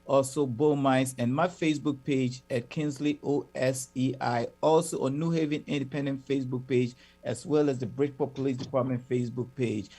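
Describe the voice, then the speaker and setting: Male talk radio host, average pitch, easygoing, jokes between plugs. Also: darkish tone. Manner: reads station plugs, playful banter. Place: radio studio.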